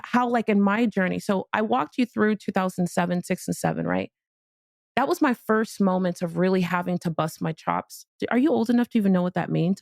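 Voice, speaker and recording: Candid, playful woman podcast host with gravelly voice. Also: mid-range voice, darkish tone, dry recording, clean studio sound. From Miami, Florida. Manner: candid, playful, swears casually. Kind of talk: motivational monologue.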